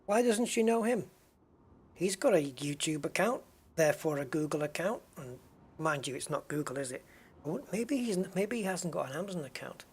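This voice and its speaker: Gravelly raspy guy rambling to his live chat from his gaming setup, kinda high voice, keeps laughing at himself. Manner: rambling and self-mocking, reads and answers chat. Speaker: gaming streamer. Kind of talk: casual live-stream chat.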